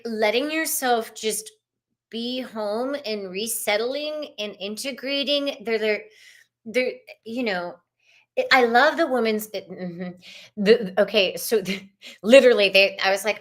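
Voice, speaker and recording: Female tarot host, lively and blunt, live-stream reading. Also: medium pitch, measured pace. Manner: animated, swears casually, talks straight to viewers.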